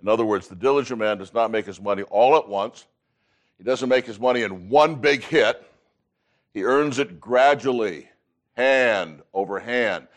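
A man in his sixties teaching a Bible class, emphatic, reading scripture aloud and often clearing his throat. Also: mid-range voice, moderate pace.

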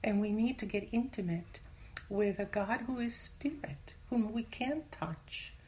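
A woman's voice: mid-range voice, a little slow, warm tone. A woman giving a casual Bible teaching in conversation, earnest, sometimes dropping to a whisper for emphasis. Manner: acts out everyday voices when quoting. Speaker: Christian teacher.

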